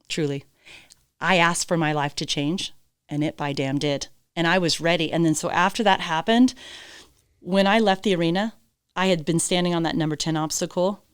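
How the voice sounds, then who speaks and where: A woman with a fairly low voice tells her story as a podcast guest, blunt and emphatic, dropping casual swear words and acting out what people said. The sound is dry and close, with no room around it. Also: clear, resonant tone, no room sound. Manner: acts out quoted dialogue. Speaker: podcast guest, horse trainer. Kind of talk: candid interview storytelling.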